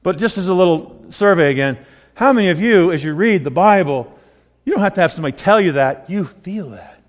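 A man delivers a sermon in a loose, conversational way, climbing and pressing harder when he makes a point. His voice sits a bit high for a man. The sound carries a long hall reverb. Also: fairly quick. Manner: conversational, excitable, rising with emphasis. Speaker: pastor.

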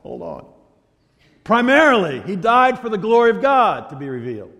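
A man preaching a sermon as pastor, animated, swinging from loud emphasis to quiet asides. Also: high-pitched, a little fast. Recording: long hall reverb.

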